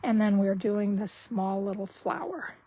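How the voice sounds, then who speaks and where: A woman giving a casual card-making tutorial, talking slowly and thinking aloud as she works. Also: medium pitch, lively intonation, mellow, husky, low-quality recording.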